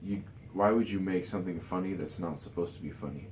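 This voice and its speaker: A low, slightly mellow voice moves briskly as this weary vlogger wanders through his casual takes, filled with restarts and "you know." There's reverb and a little hiss or hum behind him.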